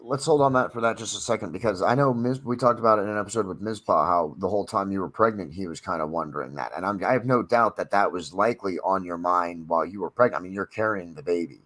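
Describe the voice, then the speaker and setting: Lower-voiced man rambling as host. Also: quick pace, hardly any pauses, fairly bright tone. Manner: rambling questions, joking. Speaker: podcast host. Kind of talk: casual podcast interview.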